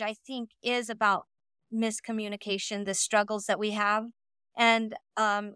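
Woman co-host, earnest and reflective, smooth clear voice, dry sound. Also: fairly high pitch, sharp tone, no room sound. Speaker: podcast co-host. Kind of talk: casual chat.

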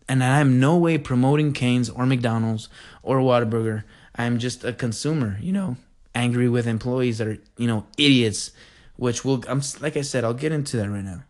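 A man from the El Paso area hosting a podcast, rambling in an animated, digressive way. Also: medium pitch. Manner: animated, digressive, says "freaking" a lot. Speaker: podcast host. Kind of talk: rambling casual monologue.

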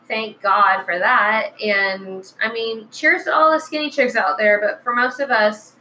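A woman's voice: a little high, steady tone, unhurried, sharp tone, rough recording. Woman host, loose chatty podcast talk, noticeable background noise. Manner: chatty, slangy, lots of "like". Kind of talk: casual podcast chat.

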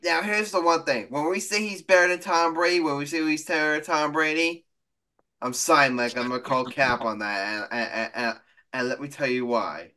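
A man's voice: on the high side, moderate pace, bright, forceful tone. A man co-hosting a sports podcast, arguing emphatically in casual debate and often repeating and restarting his phrases.

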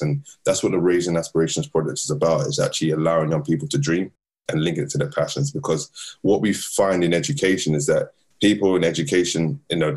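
A man's voice: rumbling low, a little mellow, slightly rough. A man talking earnestly and passionately as an interview guest about his youth mentoring work. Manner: earnest and passionate, builds points in long runs. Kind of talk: casual interview talk.

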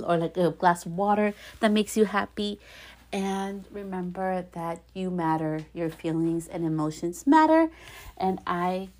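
A woman in her thirties hosting a heartfelt solo podcast, talking gently and warmly with encouraging affirmations and a light giggle now and then. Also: medium pitch. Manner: gentle affirmations, repeats herself for emphasis. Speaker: podcast host.

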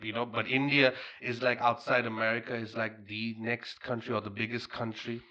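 A man from Bangladesh hosting a podcast in casual, slangy chat, animated and quick to laugh. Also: medium pitch, highs cut off. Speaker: podcast host.

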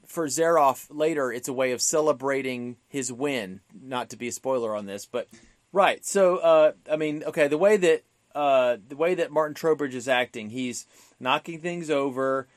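A man's voice: mid-range voice, moderate pace, no room sound. A man co-hosting a podcast, talking casually about an old film with many fillers and restarts. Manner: chatty, many fillers and restarts, acts out quotes. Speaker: podcast co-host.

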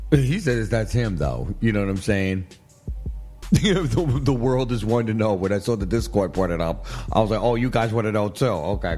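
There's faint music in the studio where this man, his voice on the low side and darkish, hosts a gossip chat with guests. He laughs often, rambles and keeps asking "you know what I mean."

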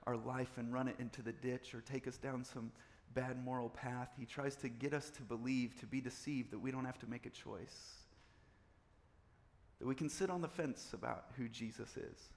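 A man's voice: mid-range voice, fairly even intonation, moderate pace, long reverb tail. A man preaching a sermon, repeating phrases and building up in intensity. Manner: preaching with swelling intensity and repetition. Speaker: pastor.

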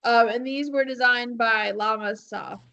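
On a muffled recording, a woman co-hosting a podcast rambles through a story in casual chat, laughing and using many fillers. Her voice is a little high and a little slow, with fairly even intonation, vocal fry, and a pushed, bright quality.

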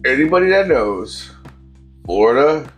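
A man with an ordinary mid-pitched voice chats casually, teasing his co-host in easy slang. Faint music runs in the background. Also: very animated, unhurried, a bit bright. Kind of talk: casual chat.

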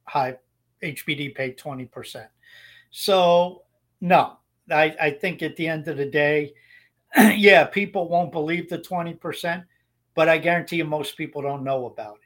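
A man's voice: fairly high pitch, steady tone, moderate pace, fairly bright tone. A man co-hosting a podcast, giving blunt opinions in casual chat and rambling with frequent restarts. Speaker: podcast co-host.

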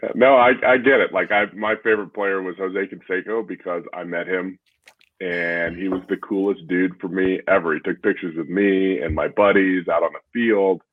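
A man's voice: sits low, steady tone, moderate pace, no room sound. A man co-hosting a podcast in casual chat, giving short reactions and easy anecdotes. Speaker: podcast co-host. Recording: tinny phone-like audio.

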